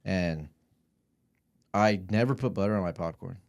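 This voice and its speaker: Podcast guest: young man, very low voice, loose rambling delivery with lots of swearing. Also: measured pace, vocal fry, no echo, clean studio sound. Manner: rambling, profane, laughs through stories. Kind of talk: casual chat.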